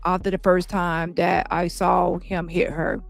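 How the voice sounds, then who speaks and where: A woman's voice: lowish voice, little pitch movement, vocal fry, soft background music. A woman reading a shaken male trial witness. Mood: recounting. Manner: plain, halting recounting.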